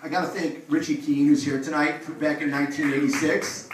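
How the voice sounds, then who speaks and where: On a comedy club stage, a man tells a loose stand-up story full of swearing while the audience laughs behind him. His voice is a little high with little pitch movement, and he talks briskly. The mic is distant, and the club is echoey and noisy.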